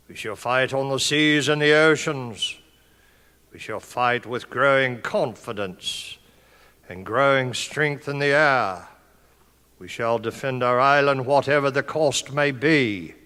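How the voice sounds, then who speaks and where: A man's voice: mid-range voice, sharp tone, clear, resonant tone. A man putting on a defiant old British wartime leader. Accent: British, put on. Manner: slow, weighty, solemn delivery. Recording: echoey large hall.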